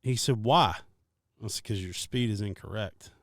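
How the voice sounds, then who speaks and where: A man's voice: on the low side, moderate pace, no echo, clean studio sound. A man telling a story on a podcast, swearing freely and acting out what everyone said. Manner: profane, animated storyteller acting out quotes. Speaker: podcast co-host. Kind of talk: casual storytelling.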